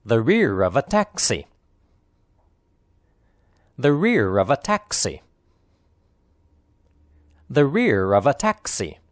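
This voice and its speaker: An American man reading model sentences for repetition practice, slowly and with careful, strong stress. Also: medium pitch, wildly swooping pitch, no room sound. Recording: dry close studio recording.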